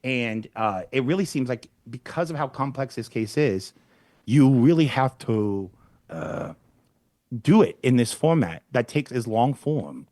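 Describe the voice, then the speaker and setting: A man of middle pitch co-hosts a true-crime podcast, talking in a loose, rambling way. He slips in wry, deadpan asides. His voice sits close and dry on the mic, with no room around it. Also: measured pace, no room sound. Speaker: podcast co-host. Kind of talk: casual true-crime chat.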